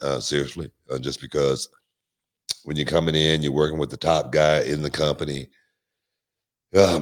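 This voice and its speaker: A man hosting a podcast in casual chat, animated, often repeating words and stretching them out. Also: rumbling low. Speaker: podcast host.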